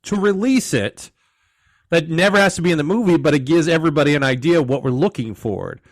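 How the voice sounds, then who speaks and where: A man's voice: fairly high pitch, fairly quick, dry recording, clean studio sound. A man hosting a casual podcast, asking leading questions in an offhand way. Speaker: podcast host.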